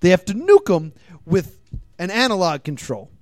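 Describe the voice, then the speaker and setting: A man hosting a live comedy podcast in a small comedy venue, ranting in an animated, exasperated way. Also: high voice, normal speed, no echo, clean studio sound. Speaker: podcast host.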